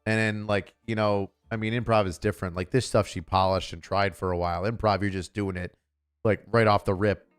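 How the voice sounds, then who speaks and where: A man's voice: fairly low pitch, level tone, brisk, clean tone, faint music behind. A man streaming a reaction to a comedy special, ranting in a sarcastic, exasperated way with lots of fillers and swearing. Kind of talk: casual reaction commentary.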